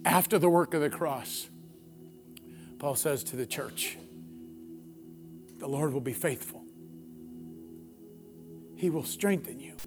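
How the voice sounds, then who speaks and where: A man preaching a sermon, building passionately to loud, repeated declarations. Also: fairly high pitch, takes it slowly, pauses often, music in the background. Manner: impassioned, builds to near-shouting peaks; repetitive preaching cadence. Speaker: pastor.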